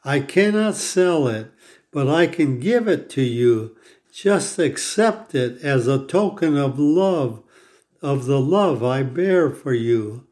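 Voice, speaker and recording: A man voicing an old pearl diver who speaks earnestly and pleads, in a slow, dark voice. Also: mid-range voice, animated. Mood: pleading. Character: old male pearl diver, proud and grieving.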